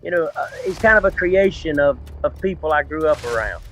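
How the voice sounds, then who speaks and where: A man with a rural Georgia Southern drawl chats on a video call from his front porch, relaxed and folksy, laughing easily. His voice sits a bit higher than most men's, with faint music underneath. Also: a little fast. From rural South Georgia, USA. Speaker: actor guest. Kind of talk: casual interview.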